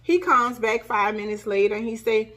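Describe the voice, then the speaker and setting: A woman's voice: fairly high pitch, moderate pace. A middle-aged woman telling her own story casually to her channel, acting out the quoted lines, with a cough. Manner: animated retelling, acts out quoted dialogue. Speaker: vlogger.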